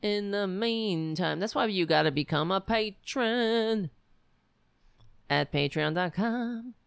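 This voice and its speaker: A woman with a raspy voice hosting a political commentary show, emphatic and repetitive, often restarting her sentences. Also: mid-range voice, slow, no room sound, clean studio sound. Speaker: show host. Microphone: home computer setup.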